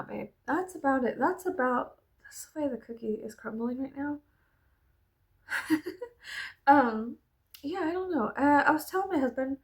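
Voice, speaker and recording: A woman's voice: sits high, vocal fry. A young adult woman chatting casually in a vlog, rambling, laughing often and swearing freely. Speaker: vlogger.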